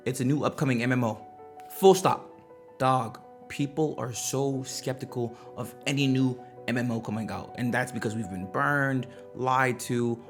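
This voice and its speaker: A man giving blunt, slangy gaming commentary, ranting with animated emphasis. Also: medium pitch. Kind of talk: casual commentary.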